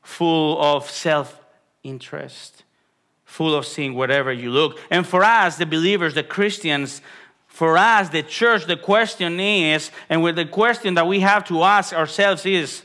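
A man's voice: on the high side, unhurried, pushed and bright. A man preaching a sermon as pastor of a congregation, earnest and emphatic, often repeating phrases and restarting his sentences with an "uh". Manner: frequent restarts and filler "uh".

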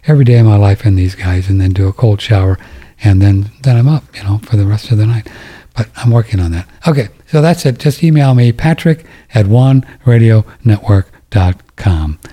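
An older man hosts a talk radio show, rambling and joking his way through ad reads, interrupting himself and restarting often. His voice is on the low side and warm, with a breathy edge, at a moderate pace.

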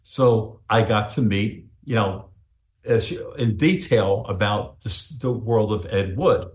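A man's voice: lowish voice, slow, reverberant. A man who is a psychic medium and a guest on an interview show, telling a long, rambling story with many fillers.

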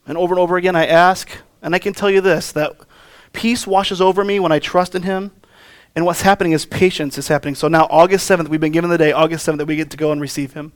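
A man's voice: fairly high pitch, steady tone, fast, clean tone. A man in his thirties, a pastor, preaching a sermon in an earnest, conversational way with personal stories.

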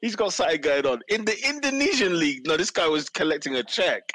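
A man's voice: on the high side, animated, fast, background noise. A young man, teasing and laughing through casual football banter as a podcast co-host. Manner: laughs often, loud and teasing.

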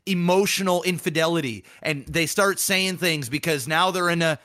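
A man co-hosting a casual podcast, telling stories with animated swings and profane acted-out quotes. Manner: animated storytelling, acting out quoted people in bursts of pitch, profane. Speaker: podcast co-host.

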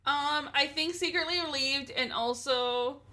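A woman with a fairly high voice co-hosts a casual podcast. She recaps a TV episode in lively, chatty detail and drops the odd swear word. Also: a little slow. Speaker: podcast co-host.

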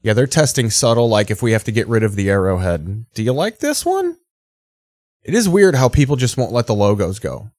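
A man's voice: mid-range voice, sing-song, brisk, a little mellow, no room sound, clean studio sound. A man hosting a casual show, reacting to football broadcast clips with sarcastic, rambling, profane commentary. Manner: sarcastic, rambling, swears freely.

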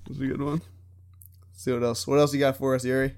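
Twenties guy on a podcast, fry in his voice, chatty and laughing a lot. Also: mid-range voice, level tone, brisk, a little mellow. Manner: laughing, rambling storyteller. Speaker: podcast co-host. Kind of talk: casual chat.

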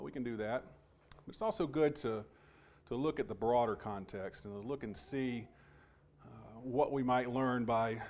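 A man preaching a Sunday sermon and reading scripture aloud, speaking in a measured way with frequent pauses and restarts. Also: mid-range voice, a little mellow.

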